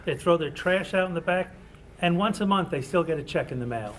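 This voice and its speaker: Man doing a grumbling prejudiced hunter in a workshop role-play, halting, a bit high voice, faint noise behind. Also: expressive. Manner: halting, hesitant delivery.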